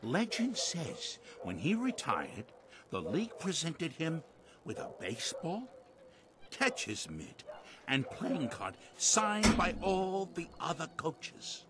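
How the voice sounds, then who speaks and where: A pushy Boston bat seller, brash sales patter, high voice, wildly swooping, video game vendor. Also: male voice, wildly swooping pitch, slow pace, heavy background noise, exaggerated voice. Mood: boastful. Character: boisterous male street vendor hawking bats, pushy salesman.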